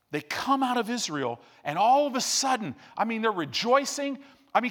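A man preaching a sermon in an animated storytelling style, acting out quotes as he teaches. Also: high voice.

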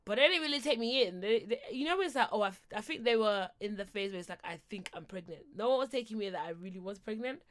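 A young woman, co-hosting a podcast and telling a story in a casual, animated, slangy way with bursts of laughter. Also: medium pitch, quick pace, hardly any pauses. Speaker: podcast co-host.

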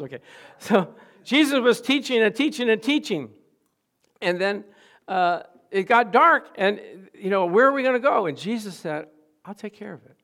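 A middle-aged male pastor preaching a sermon, telling stories with lively acted-out quotes and frequent laughter. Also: on the high side. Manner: animated storytelling, acts out quotes, laughs often.

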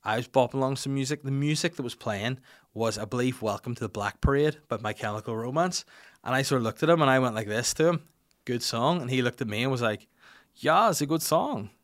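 A young man hosting a podcast, telling a rambling, self-mocking story and getting louder when he quotes himself. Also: mid-range voice, quick pace. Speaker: podcast host. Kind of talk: casual chat and anecdote.

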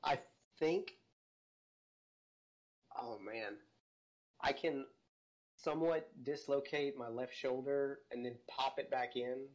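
A man's voice: mid-range voice, steady tone, slow, long pauses, lo-fi sound. A man being interviewed as a guest in a casual online chat, giving short, dry answers. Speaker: podcast guest.

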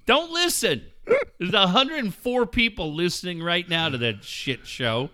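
A man hosting sports radio in a loud, profane rant, full of blunt jabs at his listeners. His voice sits high and swings wildly up and down, with a bright, cutting edge. It sounds like a studio mic. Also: animated, unhurried. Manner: loud, blunt and swearing, with mocking asides.

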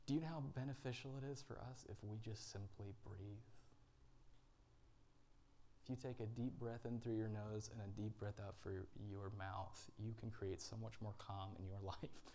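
Male pastor, low-ish voice, earnest dramatic sermon delivery with pauses. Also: fairly even intonation, mellow, slight background noise. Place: church.

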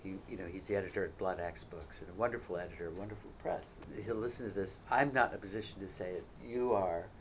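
Low-voiced reflective man on a panel. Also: fast talker, hardly any pauses, a little hiss or hum. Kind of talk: live panel discussion.

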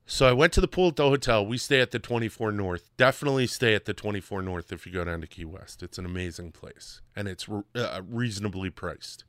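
Man, podcast host, bright voice, somewhat low pitch, emphatic storytelling, dry close sound. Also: a little fast, few pauses, no room sound. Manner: animated, emphatic repetition. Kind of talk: casual storytelling monologue.

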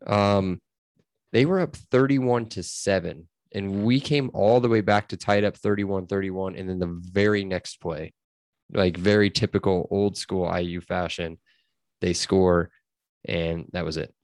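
Low-voiced man hosting a sports podcast. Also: fairly even intonation, a little slow, a little mellow, dry recording, clean studio sound. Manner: chatty, rattles off scores and stats. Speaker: podcast host. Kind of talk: casual sports podcast chat.

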